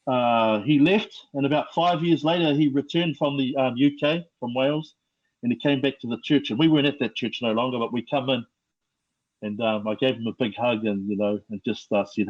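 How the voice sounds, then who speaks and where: A middle-aged man with a New Zealand accent, telling his life story as a podcast guest in a slow, reflective way with many fillers. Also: medium pitch, muffled recording. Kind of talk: personal testimony.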